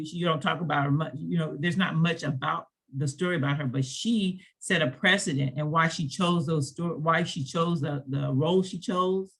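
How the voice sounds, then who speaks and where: A woman's voice: low-pitched, fairly bright tone. A woman educator speaking on a panel in a conversational way, with frequent fillers and laughs between her thoughts. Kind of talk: panel discussion.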